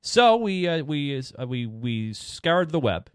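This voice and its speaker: A man's voice: on the high side, sing-song, slow pace, clean tone, no room sound, clean studio sound. A man hosting a podcast, joking with his panel and laughing often. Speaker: host. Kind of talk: casual podcast chat.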